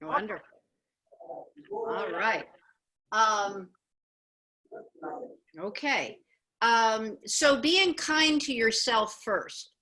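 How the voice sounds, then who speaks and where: A woman facilitating an online youth training session, gentle and encouraging, speaking over a video call. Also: on the high side, extremely slow, pauses often, low-quality recording.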